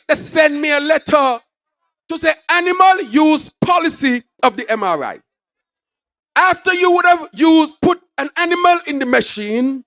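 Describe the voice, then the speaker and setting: A man with a Kittitian accent giving a rousing political rally speech, shouting his lines in repeated, punchy phrases to an outdoor crowd. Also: very high-pitched, dry recording, studio quality. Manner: shouted, rousing, repetitive call-and-response phrasing.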